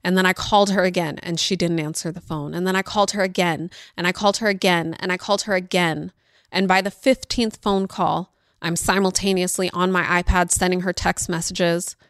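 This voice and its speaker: A woman's voice: lowish voice, fairly even intonation, brisk, no echo, studio quality. A woman hosting a podcast, talking on her own in an earnest, emotional way and speeding up when she retells tense moments. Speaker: podcast host. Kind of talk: reflective solo talk.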